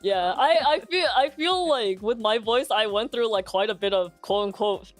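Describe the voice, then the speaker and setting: A woman's voice: mid-range voice, moderate pace, faint music behind. A young woman streamer chatting casually, coaching a friend on voice training and filling her speech with "like". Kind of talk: casual chat giving voice-training advice.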